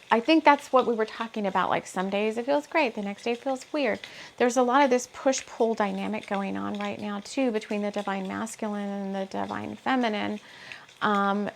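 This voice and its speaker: Gravelly-voiced woman doing a spiritual reading. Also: mid-range voice, a little hiss or hum. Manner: rambling, thinks aloud with many asides. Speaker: intuitive reader and author.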